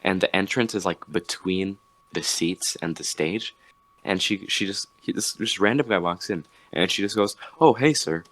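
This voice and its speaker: A man's voice: sits low, normal speed, a bit bright, no echo. A young man on a podcast, chatting casually and telling a rambling story with many restarts. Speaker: podcast host. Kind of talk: casual chat.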